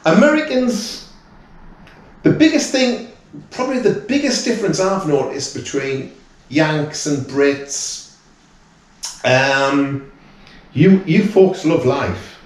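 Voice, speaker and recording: A man's voice: a little high, animated, slow, pauses often. A British man in his fifties, a guest in casual chat, talking earnestly and rambling with many restarts. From United Kingdom. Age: 50s. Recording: very echoey room, away from mic.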